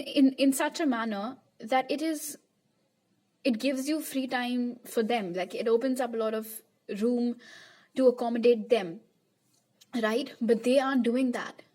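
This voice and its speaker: A woman's voice: fairly high pitch, darkish tone. A young woman giving a pick-a-card tarot reading to her viewers in a chatty, reassuring way. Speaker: tarot reader.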